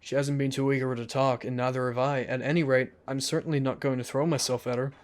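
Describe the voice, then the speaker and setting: A man's voice: mid-range voice, level tone, fast. A man hosting a let's play, reading a visual novel aloud and adding joking, self-deprecating asides.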